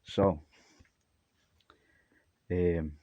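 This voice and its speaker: A man's voice: low voice, fairly even intonation, drawn-out words, warm tone, no room sound, muffled recording. A man from Armenia talking to camera in a rambling solo monologue, jumpy and disjointed, trailing off mid-thought. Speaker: vlogger.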